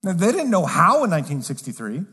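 A pastor preaching in a casual, conversational way, dropping to a low, soft voice for emphasis. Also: male voice, wildly swooping pitch, fast talker, slightly rough, big-room sound. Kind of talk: sermon.

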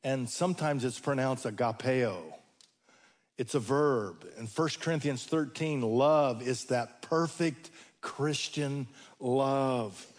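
A male preacher delivering a sermon, telling stories with folksy humor and dramatic pauses. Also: medium pitch.

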